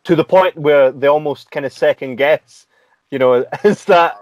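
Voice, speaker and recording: A Scottish man hosting a casual podcast interview, chatty and quick to laugh, often restarting his sentences. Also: on the high side, no room sound, muffled recording. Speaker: podcast host.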